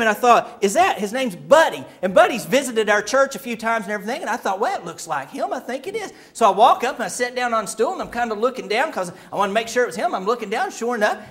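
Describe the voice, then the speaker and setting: A man, a preacher, telling a comic story in an animated way that builds to shouted punchlines. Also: very high voice.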